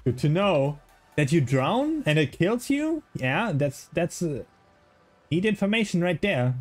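A man's voice: a little high, sing-song, a little slow, soft background music. A man with a slight German accent, a native German speaker, streaming a game and bantering with chat in a playful, rambling way. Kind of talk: casual gaming livestream chat.

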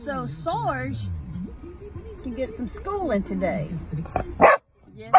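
Playful high-voiced woman teasing her dog. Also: very animated, slow, creaky, pauses often, very noisy. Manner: playful, teasing sing-song talk to a pet. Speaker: dog owner filming in her car. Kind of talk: casual chat to her dog. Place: car in a coffee drive-thru line. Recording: loud music playing behind.

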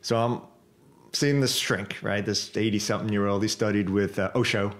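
Man with a low voice, podcast guest, casual storytelling, swears a lot, repeats himself. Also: moderate pace. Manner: profane, animated, repeats words while telling a story.

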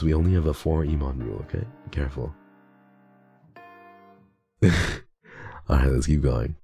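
A man with a very deep, gravelly voice reacts to a game on stream in casual, excitable bursts, swearing as he gets flustered. His tone is dark and mellow, and faint guitar music plays behind him. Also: moderate pace, long pauses.

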